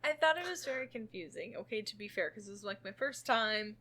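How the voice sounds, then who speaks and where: A woman's voice: medium pitch, expressive, brisk, pushed and bright. A woman co-hosting a podcast, chatting casually and musing over personal habits. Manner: musing and confessional. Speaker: podcast co-host. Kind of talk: casual chat.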